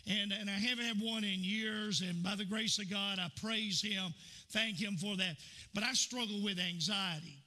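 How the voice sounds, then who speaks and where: A man's voice: high voice, fairly even intonation, normal speed, pushed and bright. A man preaching a sermon in a church, telling folksy stories full of fillers and repeats. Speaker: pastor.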